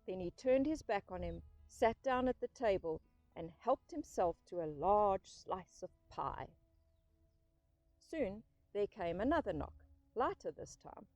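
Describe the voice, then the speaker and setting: A woman narrating a classic children's story in an expressive audiobook reading. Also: mid-range voice, a little slow, no echo, dull audio, faint music behind.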